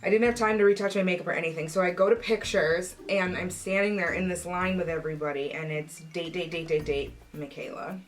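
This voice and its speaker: A young adult woman telling a personal story in a casual vlog, animated and acting out the voices of the people in it. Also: on the low side, fairly quick, hardly any pauses, soft background music. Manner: animated, acts out quoted voices. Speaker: vlogger.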